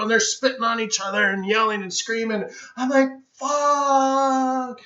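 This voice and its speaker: A man hosting a live trading stream, telling an animated story and acting out the voices of the people in it. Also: sits high, moderate pace, hardly any pauses, reverberant, dull audio. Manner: excitable, acts out other people's voices, lots of restarts. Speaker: trading educator and host.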